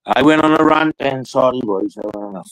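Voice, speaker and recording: A man on a video call, ranting and swearing emphatically, with drawn-out pauses. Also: medium pitch, fairly bright tone, dry recording, low-quality recording. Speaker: guest on a live stream panel. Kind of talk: ranting casual chat.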